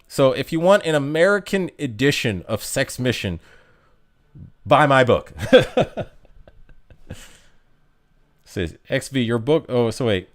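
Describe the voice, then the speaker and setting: A man chatting casually on a livestream, reading viewer comments aloud and joking in a rambling, self-amused way. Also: fairly high pitch. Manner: joking, rambling, laughs at his own jokes.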